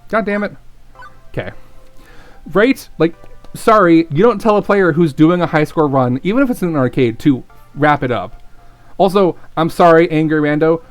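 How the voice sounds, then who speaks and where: A man streaming a story game, reading it aloud and chatting with playful, profane asides. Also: fairly high pitch. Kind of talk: let's play commentary, reading a visual novel aloud.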